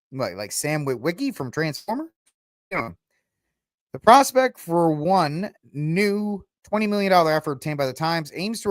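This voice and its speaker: A podcast host with a voice on the high side rambles sarcastically through the news in casual political commentary, laughing at his own jokes. The recording is dry, with clean studio sound.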